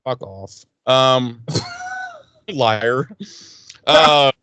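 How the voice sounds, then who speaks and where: A man's voice: mid-range voice, big pitch swings, extremely slow, sharp tone, clean tone, dry recording. A man co-hosting a podcast, chatting casually and swearing a lot as he recaps an episode. He acts out the characters' lines with a mid-range voice. The sound is dry and close, with no room around it. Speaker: podcast co-host.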